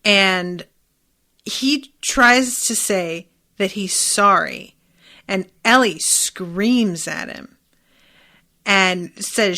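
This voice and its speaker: A woman's voice: medium pitch, drawn-out words, pauses often, pushed and bright. A woman hosting a podcast, giving a candid, emphatic, casual recap of a TV episode with lots of fillers. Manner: candid and emphatic, with frequent fillers and some swearing. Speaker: podcast host.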